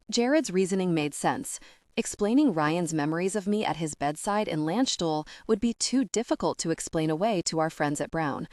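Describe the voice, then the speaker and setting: Woman narrator for a romance audiobook, lower voice, dry close sound, steady first-person read. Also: normal speed, dry recording.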